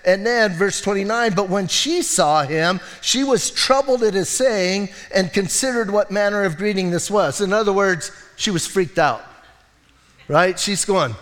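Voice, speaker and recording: High-voiced pastor preaching in a reverberant church. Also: male voice, unhurried. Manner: conversational, animated preaching with frequent "listen" and "right?". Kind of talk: sermon.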